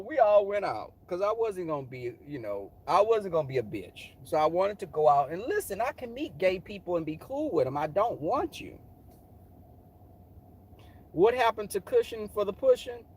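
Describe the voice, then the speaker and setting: With a husky voice at a moderate pace, a middle-aged man animatedly spins a casual yarn. He's sassy and profane, switching to high voices to deliver quotes.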